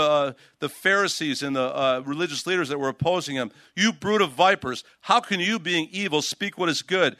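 Preaching outdoors, an older pastor with a fairly high voice reads scripture aloud with emphasis and tells stories in an animated way. There is no echo.

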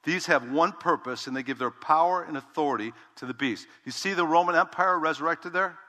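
Bright-voiced pastor preaching in a hall. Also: male voice, fairly high pitch, brisk. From Dutch heritage. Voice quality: bald preacher self-described. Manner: conversational preaching, asks the congregation "Amen?". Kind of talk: expository sermon. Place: large church sanctuary with long reverb. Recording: reverberant church hall.

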